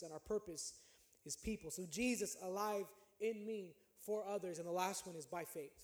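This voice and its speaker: A man's voice: high voice, normal speed. A young male pastor preaching a sermon in a conversational way. He repeats phrases and builds up to emphatic preaching. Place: church sanctuary. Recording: echoey room with music behind.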